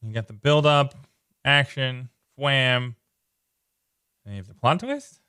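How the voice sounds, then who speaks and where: A man casually walking through comic book pages, excited and loose, leaning on "like" and repeating himself. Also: medium pitch, takes it slowly, clean tone, no echo, studio quality. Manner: enthusiastic, loose, repeats words, lots of "like". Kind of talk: casual page-by-page comic commentary.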